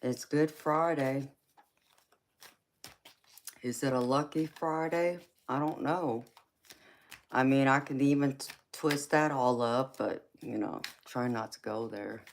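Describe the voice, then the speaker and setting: Southern American woman, live stream host, slow easy chat, affectionate with viewers. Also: rumbling low, creaky, a little hiss or hum. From California. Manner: warm terms of endearment, slow relaxed talk.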